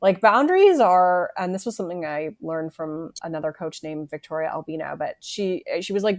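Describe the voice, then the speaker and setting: A woman's voice: on the low side, animated, moderate pace, few pauses, darkish tone. A woman guest in a casual podcast chat, hesitant with many fillers and easy laughs.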